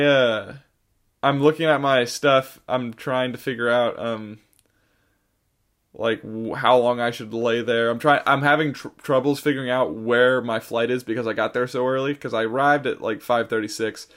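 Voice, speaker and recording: A man's voice: mid-range voice, steady tone, normal speed, fairly bright tone. A man on a podcast telling a long travel story in casual chat, rambling with many fillers and restarts, sounding tired. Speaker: podcast co-host.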